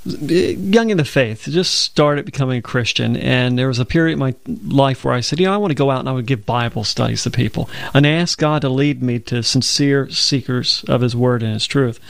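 A man's voice: medium pitch, brisk, vocal fry, no echo. A man from Alabama with a Southern accent, hosting a radio Bible program and earnestly quoting scripture. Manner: earnest, quotes scripture at length. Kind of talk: conversational Bible discussion.

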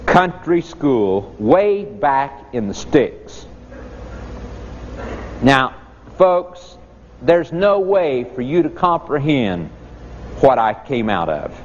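A man's voice: drawn-out words, pauses often, a little hiss or hum. A middle-aged man preaching a folksy, homespun sermon, telling a childhood story to his congregation. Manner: homespun, animated, quotes children in a high voice. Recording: muffled hall recording.

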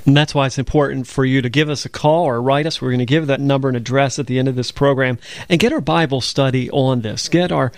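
A man's voice: mid-range voice, fast, few pauses. A man co-hosting a religious broadcast, telling stories conversationally and explaining scripture step by step. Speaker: co-host of a Bible program.

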